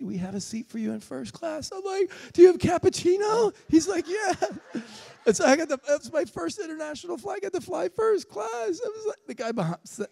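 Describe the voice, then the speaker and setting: A man preaching a sermon in a church, telling a funny story with lively, animated delivery. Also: creaky. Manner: animated, jumps high when acting out his excited self. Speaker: guest preacher. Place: church sanctuary.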